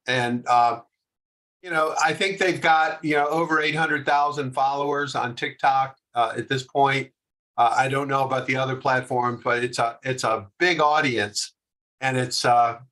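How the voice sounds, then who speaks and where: Male webinar presenter, middle pitch, bright tone, loose hesitant delivery. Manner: casual, hesitant, many fillers. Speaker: workshop presenter. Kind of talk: webinar commentary.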